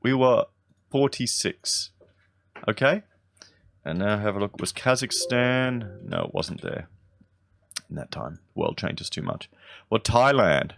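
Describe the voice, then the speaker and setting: Low gravelly man, wry commentary. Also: sing-song, takes it slowly, long pauses, a bit bright. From Australia. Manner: sarcastic, wry asides with chuckles. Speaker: political commentary host. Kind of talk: casual commentary reading an article.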